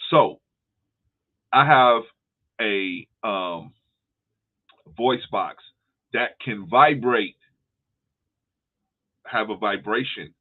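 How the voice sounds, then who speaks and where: Low-voiced guy hosting a chat over a tinny phone line, explains stuff with homespun examples, keeps restarting. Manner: explains at length with homespun analogies, frequent restarts. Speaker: host. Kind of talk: casual discussion.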